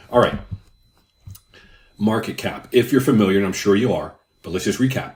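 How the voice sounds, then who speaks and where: An older man with a low, deep voice talks through crypto numbers casually, drifting into asides and stories. His voice rings in a roomy space with noticeable echo. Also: normal speed, long pauses, a little mellow. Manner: conversational, rambling asides. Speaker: crypto YouTuber. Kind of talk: casual explainer with anecdotes.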